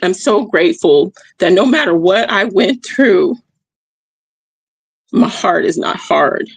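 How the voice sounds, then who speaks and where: Husky, animated and a little slow, this woman's mid-range voice comes through a streaming mic in a dry recording. Hosting a motivational reflection livestream, she repeats her key lines, keeps checking in with listeners, and warmly speaks to them as "y'all."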